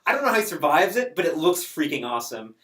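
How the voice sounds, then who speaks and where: A man chatting casually as a reviewer, animated and emotional, with many fillers. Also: on the high side, fast, reverberant.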